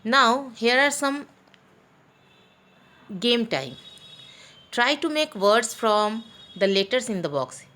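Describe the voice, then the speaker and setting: A woman teacher leads a recorded lesson for children. She speaks very slowly and deliberately, spelling words letter by letter and pausing often with fillers. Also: fairly high pitch, sing-song, pushed and bright. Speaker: school teacher. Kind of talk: recorded online class.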